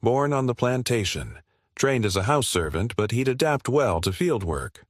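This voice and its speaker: A man's voice: mid-range voice, animated, moderate pace, dry recording, clean studio sound, close to an everyday voice. A man voicing a jovial, boastful plantation owner in a narrated story. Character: plantation slave owner, smooth salesman.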